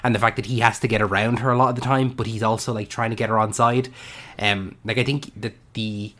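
A young man chats about a film on a podcast. His voice sits low, and he talks with lively enthusiasm, jumping into the characters' lines as he goes. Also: fast. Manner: animated, acts out scenes from the film. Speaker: podcast co-host. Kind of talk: casual film discussion.

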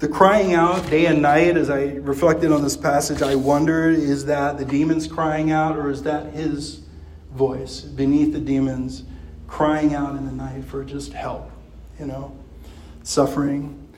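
A man's voice: little pitch movement, unhurried, darkish tone, slight background noise. A man preaching a sermon in a conversational way, with chuckles and fillers. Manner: acts out quoted voices with pitch jumps. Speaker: pastor.

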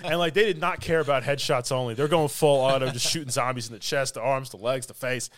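A man on a podcast who recaps a film scene by scene in casual chat. He rambles, laughs often, and acts out lines in loud, silly voices. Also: mid-range voice, fairly even intonation, fast talker, dry recording. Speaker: podcast co-host.

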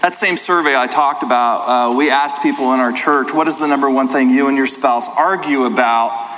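A middle-aged man pastor giving a sermon, talking in an animated, conversational storytelling way. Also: medium pitch, normal speed. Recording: hall reverb, faint ambience.

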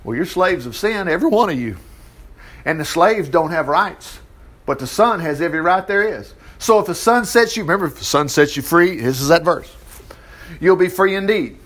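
Guy preaching through a bible passage, high voice, all over the place, keeps going wow and praise god. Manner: animated, exclaiming and chuckling between verses. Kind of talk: sermon with scripture reading and commentary.

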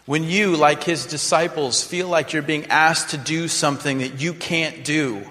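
Pastor, male, mid-high voice, dramatic sermon delivery, long reverb from a large church hall. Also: a little slow, hardly any pauses, a bit bright. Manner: dramatic, acts out prayers in mock voices.

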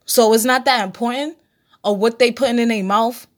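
Solo podcast host, woman, blunt and preachy, swears freely, slightly raised pitch. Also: steady tone, moderate pace, noisy background. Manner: blunt, preachy, profane, talks straight to listeners. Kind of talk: casual solo podcast monologue.

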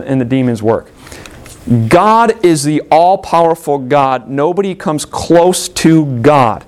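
Earnest preaching man, slightly high voice. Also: darkish tone, smooth. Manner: earnest, emphatic preaching with rhetorical questions. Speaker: pastor. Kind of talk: sermon.

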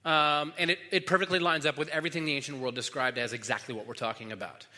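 A man's voice: fairly high pitch, steady tone, quick pace, bright, forceful tone. A man preaching a sermon as pastor, teaching in a casual way full of fillers and restarts, in a large hall. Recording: long hall reverb.

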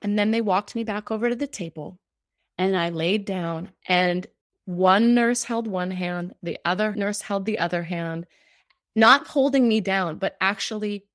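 A woman's voice: mid-range voice, unhurried, no echo, studio quality. A woman guest telling a personal story in conversation. She speaks in a heartfelt, rambling way, full of fillers. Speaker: cancer survivor guest.

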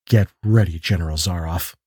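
A man voicing a hunted American adventurer who speaks in a low, hoarse and grim voice. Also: normal speed, darkish tone, no room sound, studio quality.

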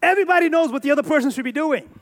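High-voiced man in his forties preaching. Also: expressive, very fast, fairly bright tone. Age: 40s. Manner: emphatic preaching with repeated phrases and rhetorical questions. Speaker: pastor. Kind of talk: sermon.

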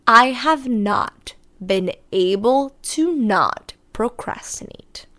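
A woman's voice: fairly high pitch, lively intonation, slow pace, fairly bright tone. A woman hosting her own unscripted solo podcast, talking candidly and rambling, correcting herself as she goes and swearing casually. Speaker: podcast host.

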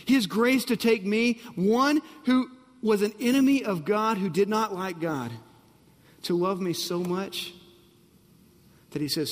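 The room sounds big as a pastor with a high voice preaches slowly with frequent pauses. Emphatic and repetitive, he keeps asking the audience whether they are ready.

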